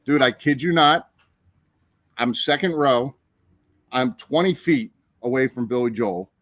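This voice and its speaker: A man telling a story in casual chat on a podcast, animated and profane, acting out the people in it. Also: medium pitch, unhurried, no room sound. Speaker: podcast co-host.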